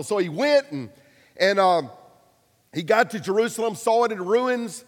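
A pastor preaching a sermon, telling stories casually with humor and acted-out quotes. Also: male voice, sits high, expressive, measured pace, in a large hall.

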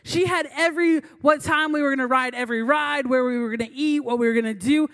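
A woman's voice: high-pitched, fast talker, a bit bright. A young adult woman giving a sermon through a funny personal story, chatty and self-mocking, laughing between lines. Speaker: preacher.

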